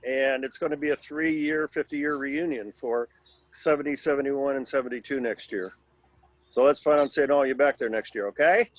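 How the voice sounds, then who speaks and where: A man's voice: medium pitch, moderate pace, no room sound. A man in his sixties telling a rambling, wry story over a video call at a class reunion. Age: 60s. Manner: rambling, wry, self-deprecating humor. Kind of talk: casual anecdote on video call.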